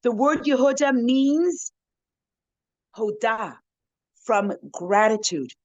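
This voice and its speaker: Speaking slowly with a voice on the high side, a rebbetzin tells an animated story to a women's circle, peppering it with "you know"s and restarting often. It's an inspirational talk over a video call, with dull, dry audio and no room sound.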